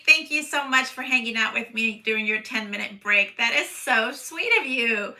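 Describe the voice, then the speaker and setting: A woman's voice: a little high, normal speed, few pauses, pushed and bright. A middle-aged woman hosting a paper crafting live stream from her home craft room, chatting in a bubbly way and greeting viewers by name. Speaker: paper crafting livestream host. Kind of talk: casual live-stream chat.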